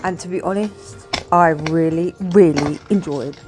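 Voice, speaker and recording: A woman chatting quietly and enthusiastically as she talks through a building video. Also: low voice, unhurried, music in the background. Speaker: Lego building vlogger. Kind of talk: casual chat over a build video.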